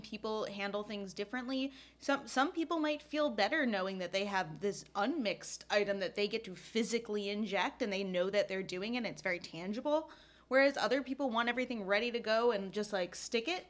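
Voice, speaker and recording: A woman's voice: medium pitch, fairly quick, fairly bright tone. A woman co-hosting a casual chat show, playful and joking, laughing easily. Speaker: co-host.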